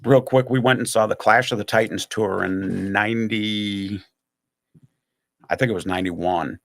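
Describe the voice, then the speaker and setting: A gravelly, fairly low-pitched male voice at normal speed carries this relaxed podcast storytelling. Whether guest or host, he recalls long tales with lots of animation, slipping into other people's voices along the way.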